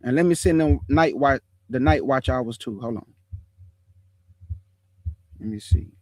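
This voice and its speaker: A man hosting an online show, chatting casually about scripture in relaxed slang and calling his viewers family. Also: mid-range voice, unhurried, no room sound. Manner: laughs often while telling stories. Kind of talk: casual livestream chat on scripture.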